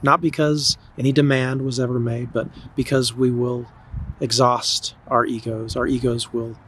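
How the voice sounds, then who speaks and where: A man giving a spiritual talk in a calm, gentle and nurturing manner, recorded outdoors in the wind. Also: mid-range voice, moderate pace, poor audio. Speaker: spiritual teacher. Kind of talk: slow meditative spiritual talk.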